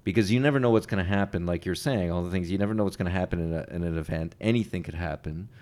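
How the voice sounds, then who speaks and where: A man co-hosting a storytelling podcast, talking in a relaxed, loose way and repeating his phrases. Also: sits low, rapid-fire. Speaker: podcast co-host. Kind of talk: casual podcast chat.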